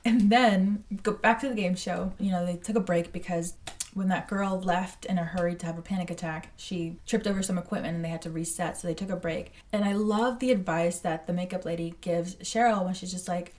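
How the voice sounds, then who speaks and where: A woman in her twenties talks through a film reaction in a casual, animated way, blunt and swearing freely. Her voice sits at an ordinary pitch. She sounds a little distant from the microphone. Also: brisk. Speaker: movie reaction creator. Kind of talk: casual movie reaction commentary.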